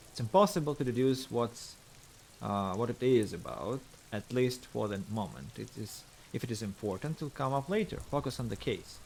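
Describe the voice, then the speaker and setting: A man's voice: mid-range voice, lively intonation, moderate pace, vocal fry, darkish tone, slight background noise. A man streaming a game, a native Russian speaker reading its dialogue aloud in English with hesitant fillers.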